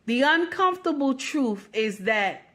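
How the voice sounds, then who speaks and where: A woman's voice: high-pitched, very animated, measured pace, a bit bright. A woman hosting a commentary show, sarcastic and mocking, repeating her lines with rising emphasis. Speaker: host.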